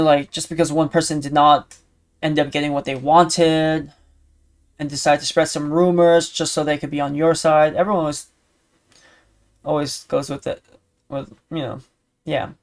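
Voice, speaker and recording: A man streamer with a hoarse, raspy voice, talking in a casual rambling vlog update. He vents with frustration, repeats his phrases, and sounds tired. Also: a little high. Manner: tired and sleepy by the end. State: hoarse, voice worn out.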